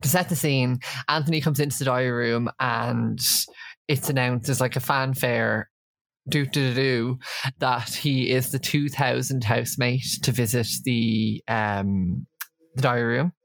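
Chatty man with a gravelly edge. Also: medium pitch, fairly even intonation, measured pace, fairly bright tone, no room sound. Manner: chatty, jokey, many fillers. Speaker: podcast co-host. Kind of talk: casual chat recapping a reality show.

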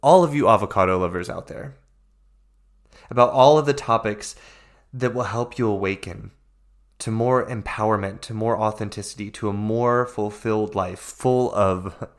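Emphatic man hosting a motivational podcast. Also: fairly low pitch. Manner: emphatic, repetitive, encouraging, addresses listeners as friends. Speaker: podcast host and life coach.

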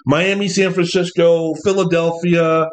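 A man with a fairly high voice hosts a loose sports talk show. He rambles and stays animated, with mocking asides and quick impressions of coaches. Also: slight background noise. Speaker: podcast host. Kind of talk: casual sports talk monologue.

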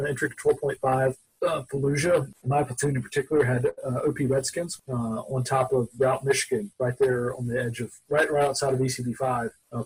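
A man's voice: mid-range voice, a little mellow, slightly rough, distant mic, rough recording. A man, a former Marine officer, recounting deployment memories as a guest, rambling with lots of "uh" restarts. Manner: rambling, hesitant, with many "uh" restarts. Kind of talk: interview storytelling.

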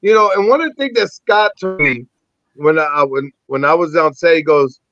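A man, an actor and army veteran, telling animated, profanity-laced stories as a podcast guest. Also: on the high side, normal speed, no room sound. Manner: animated, rambling, heavy swearing. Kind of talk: casual storytelling interview. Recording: dull lo-fi dry recording.

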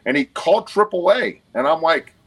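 Heard over a low-quality recording, a forties-aged man on a podcast swears freely while making blunt, emphatic points. His pitch is fairly high and his tone fairly bright, with lively intonation, a slight roughness, and a normal pace.

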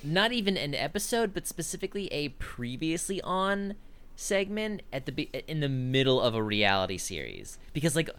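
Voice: mid-range voice, big pitch swings, normal speed, fairly bright tone. A podcast co-host chatting casually and joking with some fillers. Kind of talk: casual chat.

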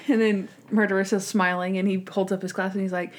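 A woman's voice: medium pitch, level tone, fast, hardly any pauses. Woman co-host, casual episode recap, giggly, acts out quotes. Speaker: podcast co-host.

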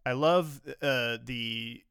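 A man's voice: medium pitch, very slow, fairly bright tone, clear, resonant tone, dry recording, studio quality. A man co-hosting a podcast, recapping a TV drama in casual, rambling chat with lots of fillers. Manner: enthusiastic, rambling with many fillers. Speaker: podcast co-host.

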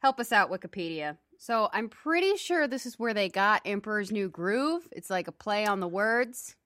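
Woman, mid pitch, wry teasing co-host, mock-dramatic, dry close mic. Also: expressive, moderate pace, a bit bright, no echo. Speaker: podcast co-host. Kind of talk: casual chat.

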